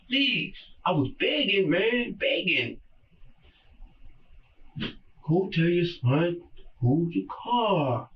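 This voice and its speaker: An older man speaks in a police interrogation, dragging his words out slowly and circling back to the same pleading phrases. His voice sits a bit high for a man and comes from well away from the microphone. The audio is dull and muffled, like a room camera recording. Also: recorded from a distance. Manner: slow, repetitive, pleading, emotional. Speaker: murder suspect in interrogation.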